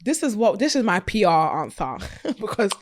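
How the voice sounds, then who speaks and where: A woman's voice: mid-range voice, very animated, moderate pace. A young woman hosting a casual chat, reacting candidly and using slang. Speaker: host.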